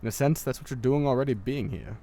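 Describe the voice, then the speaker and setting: A man voicing a stern, composed male mentor in a game let's-play, speaking in a calm, measured, commanding way. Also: mid-range voice, natural voice. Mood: persuading. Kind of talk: amateur let's-play voice acting.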